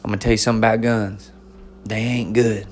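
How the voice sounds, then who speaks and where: A man voicing a friendly old Southern police officer lecturing schoolkids about gun safety, with a slow folksy drawl and a Southern accent. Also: lowish voice, level tone, a little hiss or hum, lightly acted. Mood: earnest warning.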